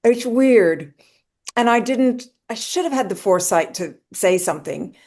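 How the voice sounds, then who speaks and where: A woman's voice: a little high, lively intonation, normal speed, a little mellow. A middle-aged woman, a guest actor, telling stories in an easygoing, chatty way over a video call. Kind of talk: casual podcast chat.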